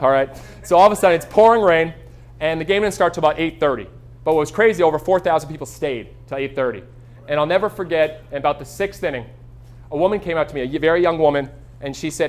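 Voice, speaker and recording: A man in his thirties giving a live keynote from a stage. He talks quickly, in a slightly raised voice, and tells energetic stories to the crowd. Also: a little high. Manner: energetic storytelling, acts out quoted voices. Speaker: keynote speaker. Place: stage before a live audience.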